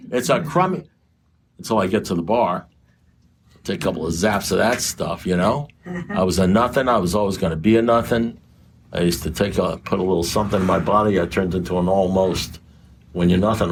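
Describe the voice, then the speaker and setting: Blunt, low-voiced man speaking at a meeting. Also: a little fast, slightly rough. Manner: blunt and profane, talks straight to the audience; rambling with frequent restarts. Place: meeting room.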